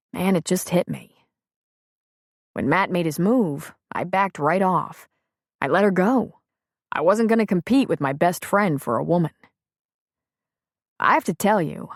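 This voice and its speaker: A woman voicing a frank, plain-spoken man on the phone in an audiobook, gently persuasive. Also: fairly low pitch, no room sound, clean studio sound. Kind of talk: audiobook character reading.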